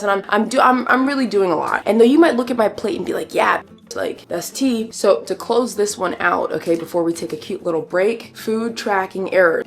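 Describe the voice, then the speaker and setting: Sassy, teasing woman fitness vlogger. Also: medium pitch. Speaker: women's fitness coach. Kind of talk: casual chatty vlog.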